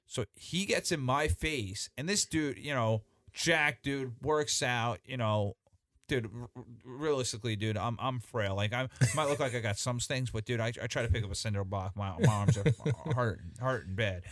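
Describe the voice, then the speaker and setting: A man telling a story as a podcast guest in casual chat, animated and profane, with many restarts. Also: mid-range voice, moderate pace, no room sound, clean studio sound.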